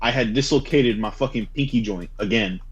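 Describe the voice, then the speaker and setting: A young man co-hosting a podcast, telling stories in a casual, profane, animated way. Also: medium pitch, breathy edge. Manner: rapid, profane, animated storytelling. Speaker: podcast co-host. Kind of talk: casual storytelling chat. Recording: dull lo-fi sound.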